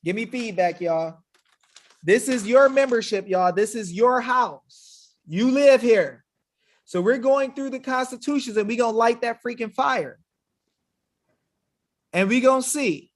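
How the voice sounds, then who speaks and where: A man's voice: very high-pitched, measured pace, long pauses. A man hosting a webinar in an emphatic, combative, slangy manner, talking casually to his viewers. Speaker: webinar host. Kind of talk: fiery casual livestream talk.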